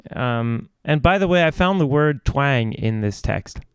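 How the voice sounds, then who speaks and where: A man's voice: mid-range voice, expressive, measured pace, clear, resonant tone, no echo, clean studio sound. A man hosting a casual video chat about singing, rambling and restarting his thoughts. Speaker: host.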